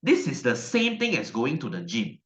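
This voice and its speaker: A man's voice: mid-range voice, huge pitch swings, moderate pace, fairly bright tone. A male science teacher, giving a chatty online class lecture and repeating his questions to the class. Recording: dull, roomy echo.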